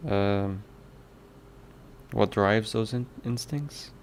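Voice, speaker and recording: Slow, gravelly-voiced man thinking aloud. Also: lowish voice, a little hiss or hum. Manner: musing, reads chat aloud, toys with mock accents. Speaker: indie game developer streaming his work. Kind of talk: casual livestream chat, thinking aloud.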